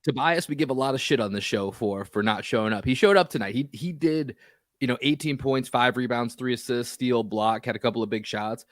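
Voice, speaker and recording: A man hosting a sports podcast, talking fast with frustrated restarts about a lost game. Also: mid-range voice, no echo, clean studio sound. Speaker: podcast host.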